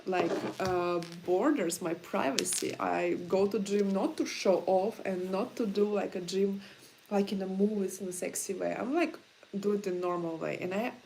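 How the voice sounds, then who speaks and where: A woman's voice: mid-range voice, normal speed, gravelly, darkish tone, slight background noise. A woman with a Russian accent answering viewer questions in a casual livestream, blunt and frank in her chatty talk.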